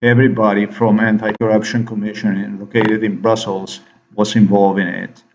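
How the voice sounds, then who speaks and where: Low-voiced man, agitated rambling monologue, muffled lo-fi sound. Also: level tone, moderate pace, a little mellow, a little hiss or hum. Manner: agitated, repetitive, addresses the listener with questions. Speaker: vlogger.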